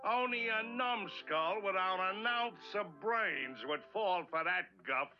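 A man's voice: high-pitched, slow. A blustering cartoon caveman. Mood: scornful. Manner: blustering, excitable shouting. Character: loud blustering caveman husband, big and boastful. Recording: dull vintage cartoon soundtrack with music.

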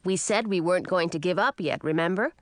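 A woman's voice: lowish voice, brisk, dry recording, clean studio sound, lightly acted. A woman voicing Edric, a boy turned frog, speaking eagerly in a storybook reading.

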